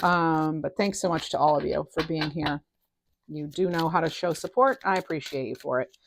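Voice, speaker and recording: A middle-aged woman giving a casual tarot reading, enthusiastic and animated, her voice rising and falling in loudness. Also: low-pitched, moderate pace, noisy background. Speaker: tarot reader.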